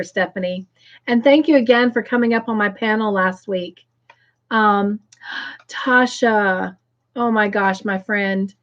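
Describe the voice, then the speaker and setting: A woman hosts a cozy livestream, reading viewer comments aloud at an unhurried pace. Her greetings gush, and excitement breaks through in sudden high squeals. The stream audio comes through slightly muffled and lo-fi. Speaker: livestream host.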